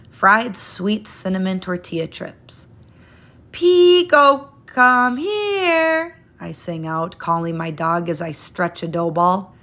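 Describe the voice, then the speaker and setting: Gentle woman reading a picture book. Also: on the low side. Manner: gentle, expressive, unhurried storytelling. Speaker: storyteller. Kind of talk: children's picture book read-aloud.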